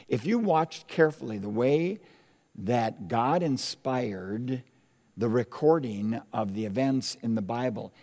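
Slow, deliberate preacher in a reverberant hall. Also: male voice, mid-range voice, darkish tone. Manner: deliberate, emphatic preaching with dramatic pauses. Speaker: pastor. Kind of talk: sermon.

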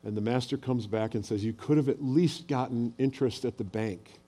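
A man's voice: mid-range voice, a little fast, dark tone. An older man preaching a sermon as a pastor, telling personal stories in a conversational way and asking the audience questions.

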